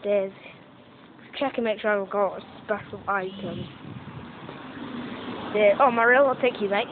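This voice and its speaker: A woman's voice: mid-range voice, a little slow. A young woman vlogger giving casual, self-mocking commentary while walking around outdoors playing a mobile game, swearing now and then. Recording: tinny phone-like audio with faint noise.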